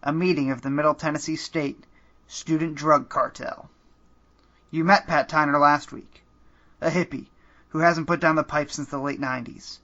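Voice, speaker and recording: On a slightly muffled, lo-fi recording, a man narrates a comedic choose-your-own-adventure game as podcast host, keeping things dry and deadpan apart from the odd laugh. His voice is on the high side with a bright edge, at a moderate pace.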